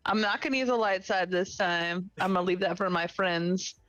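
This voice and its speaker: A woman's voice: medium pitch, normal speed, a bit bright, dry recording, dull audio. A woman playing a tabletop game, talking in a playful, gleeful way. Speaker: player. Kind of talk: casual tabletop role-play.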